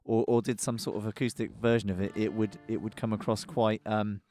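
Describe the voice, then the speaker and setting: A man's voice: lowish voice, little pitch movement, brisk, warm tone. A man co-hosting a music podcast in casual chat, telling anecdotes with frequent restarts. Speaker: podcast co-host.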